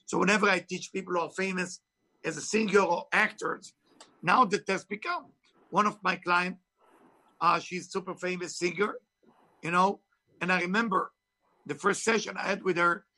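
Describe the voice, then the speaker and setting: A man's voice: high voice, steady tone, moderate pace, long pauses, pushed and bright. A man with a heavy foreign accent, an author and spiritual teacher speaking emphatically in an interview. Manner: emphatic, preachy, non-native phrasing. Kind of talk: interview talk.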